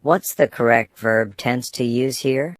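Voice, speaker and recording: A man's voice: medium pitch, measured pace, dry recording. Man reading student phrases, dry and close. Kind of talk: scripted phrase reading for learners.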